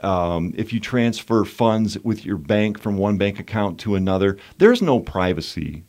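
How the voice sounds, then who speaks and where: Talk radio host, man with a lowish voice, measured but emphatic. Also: lively intonation, a little mellow. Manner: measured, emphatic, builds to indignant points. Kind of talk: political talk radio discussion.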